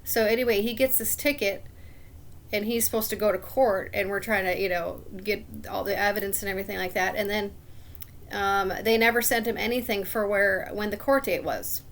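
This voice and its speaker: Her voice is mid-range, a bit bright, gravelly and fry-edged, with fairly even intonation at normal speed. She relates a long personal story loosely and casually, sounding aggrieved and suspicious and clearing her throat between rambling sentences.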